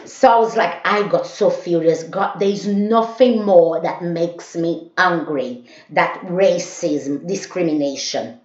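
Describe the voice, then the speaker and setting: Woman vlogger, slow rambling storyteller; roomy, muffled home recording. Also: on the low side. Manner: rambling, repeats herself. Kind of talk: casual storytelling to camera. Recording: dull echoey room.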